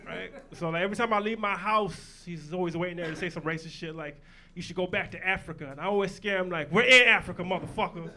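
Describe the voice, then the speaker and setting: Male club comic, loud and profane, high bright tone, punchy delivery. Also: fast, a little hiss or hum. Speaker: stand-up comic. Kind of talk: stand-up set. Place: basement comedy club.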